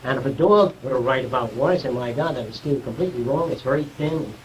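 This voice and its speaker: A man's voice: mid-range voice, quick pace, recorded from a distance, slight background noise, poor audio. A man giving an informal, conversational lecture to a small group, explaining ideas and checking whether his listeners follow.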